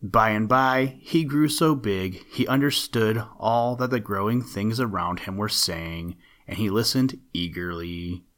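A man reading a children's story aloud in a gentle, measured way. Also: fairly low pitch.

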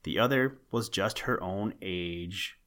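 A man reading a children's story aloud in a measured, gentle way as a podcast host. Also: low-pitched. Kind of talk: storybook narration.

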